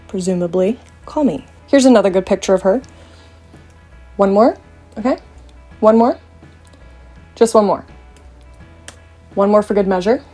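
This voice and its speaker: Playful joking young woman vlogger. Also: mid-range voice. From Canada. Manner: playful, joking, lively asides. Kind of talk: casual chat to camera.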